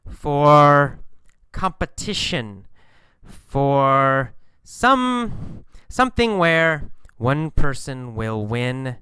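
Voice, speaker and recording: A man teaching English vocabulary, explaining slang slowly and patiently, repeating words and examples and acting out lines with sudden bursts of energy. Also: mid-range voice, bright, forceful tone, smooth, dry recording. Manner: acts out lines and engine sounds with bursts of volume.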